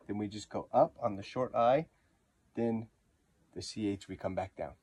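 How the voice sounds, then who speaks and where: A man giving a patient pronunciation lesson, repeating words slowly to model how they sound. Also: lowish voice, darkish tone, husky, dry recording. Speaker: language teacher.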